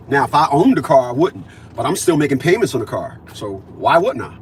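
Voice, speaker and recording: This vlogger, in his fifties, has an expressive mid-range voice and talks fast over a little hiss or hum. Emphatic and repetitive, he delivers a casual monologue that includes acted-out conversations from his own life.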